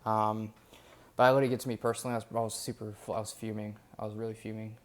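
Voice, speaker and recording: A man's voice: on the low side, flat delivery, quick pace. A young man talking through his day in a casual vlog, rambling and candid with lots of fillers. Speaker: vlogger documenting his days.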